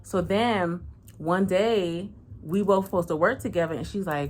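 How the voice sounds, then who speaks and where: A woman's voice: unhurried, slight background noise. A woman tells a personal story casually. She talks frankly and slangily, swears freely, and acts out each person's lines. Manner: animated, acts out every voice with big pitch swings. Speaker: channel host.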